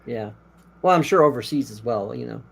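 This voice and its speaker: A man from Colorado chatting casually on a stream, rambling and animated, often laughing. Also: medium pitch, brisk, vocal fry, slightly rough. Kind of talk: casual chat.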